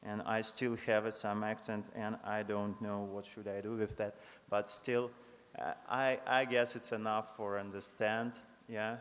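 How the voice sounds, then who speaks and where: Slow-speaking man in a chapel. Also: on the low side, flat delivery, fairly bright tone. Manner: slow, halting, friendly, with broken grammar. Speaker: choir director. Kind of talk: teaching a congregation to sing. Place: large chapel. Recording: long hall reverb.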